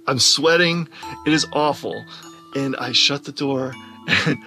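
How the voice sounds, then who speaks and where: Man, storytelling, animated, bright sharp tone, gravelly edge. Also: mid-range voice, unhurried, faint music behind. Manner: animated, laughs while telling. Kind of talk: personal storytelling.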